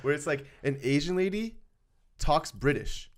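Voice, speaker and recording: A young man on a podcast telling stories with lots of giggles. His voice sits a little high and swings widely in pitch as he gets excited. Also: unhurried. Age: young adult. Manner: animated, giggly storytelling. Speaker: podcast guest. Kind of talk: casual chat.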